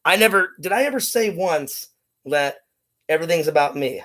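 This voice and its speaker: A high-voiced man talks in an excitable rush about films. He gets loud and acts out lines as he retells scenes. He speaks into a home mic in a small room. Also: normal speed. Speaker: co-host reviewing films. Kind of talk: casual chat.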